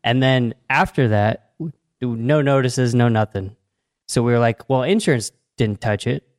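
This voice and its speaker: Clear-voiced man telling a story. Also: medium pitch, measured pace, no echo, studio quality. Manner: animated storytelling, laughs often. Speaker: podcast co-host. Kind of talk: casual chat.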